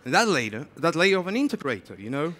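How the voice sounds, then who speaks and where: A man giving a lively conference talk, chatty and animated, often saying "you know". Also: on the high side, a little fast. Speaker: conference speaker. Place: conference stage.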